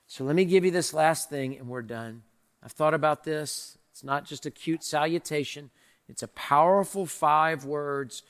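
A man preaching a sermon as pastor, emphatic and repetitive with a joking streak, closing in a softer spoken prayer. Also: fairly high pitch, normal speed, clean tone, long reverb tail.

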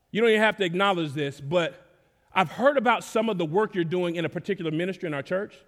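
A man from Dallas, preaching a sermon in a relaxed, conversational way, with casual slang and sudden rises in volume. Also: high voice. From Dallas, Texas. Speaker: pastor. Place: church sanctuary. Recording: long reverb of a large hall.

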